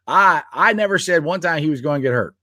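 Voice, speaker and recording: A man talking football on a podcast, animated and quick to laugh, trailing off and restarting his sentences. His voice sits a bit high and swings widely in pitch. The mic sound is close and dry, with no room. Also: no room sound. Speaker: podcast co-host. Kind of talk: casual sports chat.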